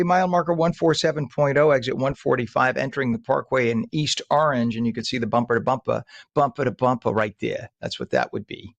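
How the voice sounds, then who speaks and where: Brief: male New morning host, joking traffic reads, some fry, dry close mic. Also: mid-range voice, a little fast, dry recording, lo-fi sound. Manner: jokey, chatty, ad-libbing. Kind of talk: casual radio traffic report. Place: radio studio. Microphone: studio mic. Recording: dry studio sound.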